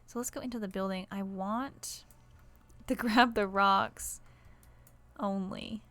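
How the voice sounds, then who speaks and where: Woman streaming from home, chatty and rambly, lots of likes and kindas, goes quiet and mumbly mid-build, desk mic, mid-pitched voice. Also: fairly even intonation, slow pace, pauses often, soft background music. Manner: chatty, rambling, many "like" and "kinda" fillers, drops to murmurs while working. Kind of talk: casual live-stream commentary while building. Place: at home in her apartment. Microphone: desktop USB microphone.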